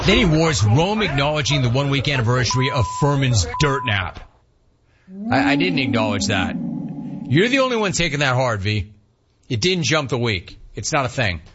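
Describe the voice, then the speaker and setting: A man's voice: mid-range voice, moderate pace, muffled recording, background noise. A man hosting a sports radio show, telling a casual story and acting out the voices in it. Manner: animated storyteller, acts out voices in anecdotes.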